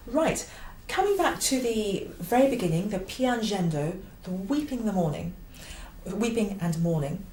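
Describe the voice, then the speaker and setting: A woman teaching the oboe, explaining a piece with clear emphasis and now and then singing a phrase. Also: medium pitch, expressive, a little slow, mellow, echoey room, slight background noise. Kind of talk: instructional explanation.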